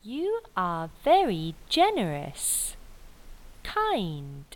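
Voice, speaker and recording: A woman reads everyday English phrases for learners at a very slow pace. Her intonation swings widely from phrase to phrase, and every word is spoken clearly. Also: medium pitch, poor audio. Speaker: English teacher. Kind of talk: slow scripted phrase reading.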